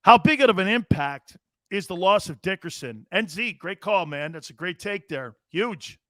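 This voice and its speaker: Hosting a sports talk show, a profane, brash man in his fifties reacts to live comments in casual chat, laughing between remarks. His high voice is bright, forceful and animated at a normal speed, with clean studio quality and no room sound.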